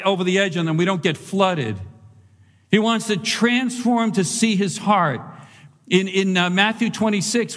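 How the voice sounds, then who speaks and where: A male pastor preaching a sermon in a church, animated and conversational, repeating phrases for emphasis. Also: high-pitched. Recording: long reverb of a large hall.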